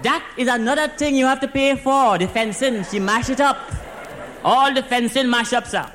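A Trinidadian man with an extremely high voice and a moderate pace plays a driving instructor talking to his boss, giving one side of a comic phone call. His storytelling is excited and in dialect, nearly every phrase ending in "sir," and a little hiss or hum runs underneath.

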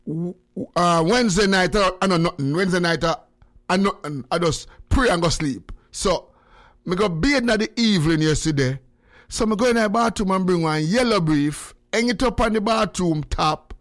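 Lively older Jamaican radio man. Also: sits high, moderate pace. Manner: animated, laughing, patois-heavy storytelling. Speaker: radio host. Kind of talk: casual radio chat with callers.

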